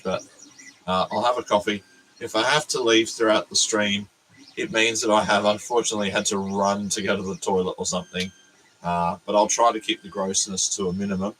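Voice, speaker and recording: An Australian man, a teacher, chatting casually on a livestream from his workbench, hoarse and sick with a cold, rambling and self-deprecating. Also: fairly low pitch, a bit bright, slight background noise, poor audio.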